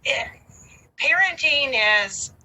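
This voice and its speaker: Casting note: woman in her thirties, bright, animated and candid guest, faint room tone. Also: high-pitched, slow, slight background noise, poor audio. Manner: candid and animated, many fillers. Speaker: podcast guest. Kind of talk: casual conversation.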